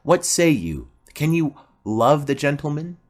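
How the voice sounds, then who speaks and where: A man's voice: fairly high pitch, sing-song, voice pushed up. A man voicing a stately noble mother. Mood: formal. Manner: formal, measured. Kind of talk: audiobook play reading.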